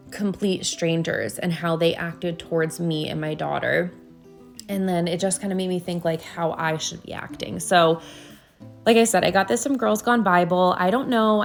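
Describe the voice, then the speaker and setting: A woman's voice: lowish voice, vocal fry. A woman recording a casual voiceover at home, talking earnestly and rambling with frequent restarts. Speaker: vlogger.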